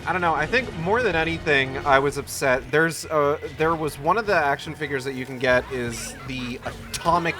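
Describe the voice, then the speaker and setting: A man's voice: on the high side, normal speed, hardly any pauses. A man casually commenting while streaming a video game, swearing often and mocking himself as he plays. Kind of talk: let's play commentary. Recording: game music behind.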